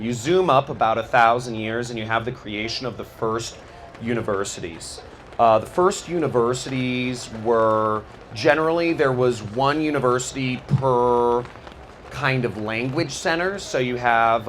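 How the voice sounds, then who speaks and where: A man's voice: mid-range voice, fairly bright tone, a little hiss or hum. A young adult man giving an informal talk, rambling and filling his sentences with "you know" and "like". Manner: rambling, filler-heavy, frequent "you know" and "like"; acts out quoted people in exaggerated voices. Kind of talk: casual informal lecture.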